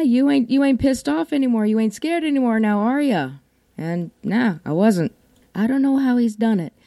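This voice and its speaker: Woman, podcast host, casual storyteller; irreverent, cusses, low mellow voice. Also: no echo. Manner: wry, irreverent, swears freely.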